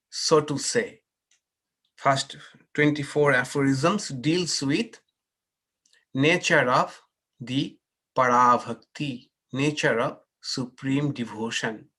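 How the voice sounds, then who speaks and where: A man teaching a scripture class as a swami, leading slow chants and explaining pronunciation in an online session. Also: medium pitch, bright, forceful tone, husky. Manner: slow measured chanting with repetitions. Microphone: online class, unmuting participants.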